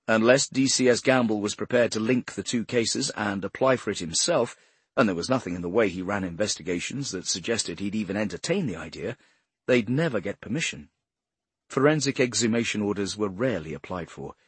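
Husky male audiobook narrator. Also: lowish voice, animated, moderate pace, no echo. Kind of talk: audiobook crime novel narration.

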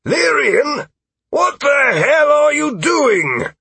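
A man voicing a stern, gruff male knight who drills militia and barks commands. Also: extremely high pitch, sing-song, drawn-out words, bright, forceful tone, dry recording, pitched above the performer's own voice, full character voice. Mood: scolding. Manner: barking commands. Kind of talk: audiobook narration.

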